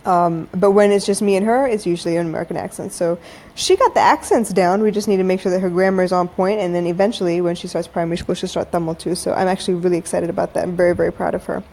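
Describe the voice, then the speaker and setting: A woman's voice: on the low side, steady tone, fast talker, darkish tone. A woman in her thirties hosting a late-night podcast, chatting frankly with listeners and calling them y'all. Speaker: podcast host. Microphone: phone-recorded live audio.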